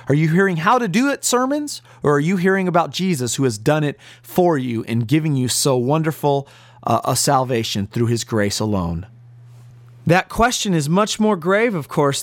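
Earnest preaching man, lively pitch. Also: no room sound. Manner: earnest, emphatic preaching with slow stressed phrases. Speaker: pastor. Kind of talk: radio sermon.

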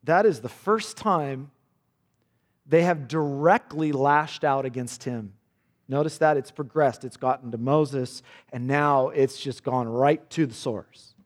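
A man's voice: mid-range voice, slow pace. A man preaching a sermon, earnest and intense, repeating words as he builds each point. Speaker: pastor. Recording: long hall reverb.

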